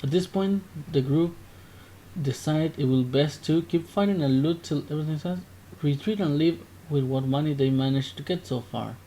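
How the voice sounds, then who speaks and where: A man's voice: fairly high pitch, normal speed, warm tone, slight background noise. A man casually narrating a text game aloud, often stopping to correct himself. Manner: casual, self-interrupting narration. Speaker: gaming video creator.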